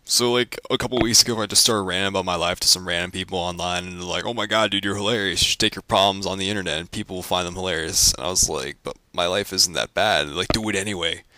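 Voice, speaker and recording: A young man ranting casually about his life as a vlogger, rambling with lots of fillers and deadpan jokes. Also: low-pitched, fast, hardly any pauses.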